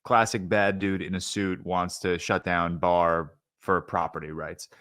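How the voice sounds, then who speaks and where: A young man co-hosting a podcast chats casually about a film, reviewing it in a rambling way with many fillers and restarts. His voice sits low with little pitch movement, a measured pace, and a fairly bright tone, recorded cleanly in a studio with no echo.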